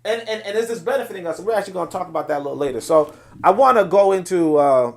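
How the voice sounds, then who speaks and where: Male podcast host, high voice, emphatic lecturing commentary. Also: animated, very fast. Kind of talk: solo commentary on social media posts.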